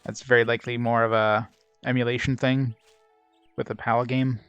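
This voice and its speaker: A man's voice: mid-range voice, flat delivery, normal speed, a bit bright, smooth, no echo, lo-fi sound, faint music behind. A man hosting a let's play, giving casual, rambling and wry gameplay commentary. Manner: rambling, wry, filler-heavy.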